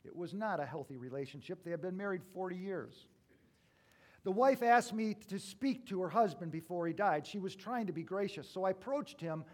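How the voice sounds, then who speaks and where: A male pastor preaching a sermon, telling stories with big swings from loud to hushed. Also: fairly high pitch.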